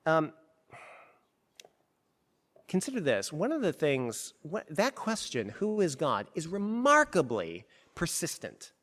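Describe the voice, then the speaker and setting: Animated male preacher in a reverberant hall. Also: a little high, slow, pauses often. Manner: animated and conversational, with frequent restarts. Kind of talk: sermon.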